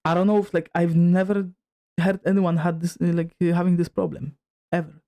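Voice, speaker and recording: A man's voice: sits high, flat delivery, brisk, mellow. A male streamer chatting casually while testing his desk microphone, rambling with lots of fillers and drifting closer to and farther from the mic. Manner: rambling, filler-heavy, moves toward and away from the mic. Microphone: desk microphone, distance shifting.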